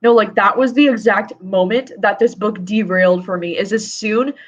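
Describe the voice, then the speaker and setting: A young woman in a relaxed book chat, loose and casual, swearing freely and leaning on "like." Her audio sounds a little dull and lo-fi, as over a video call. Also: medium pitch, normal speed. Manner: casual, swears often, many "like" fillers. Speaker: guest book reviewer.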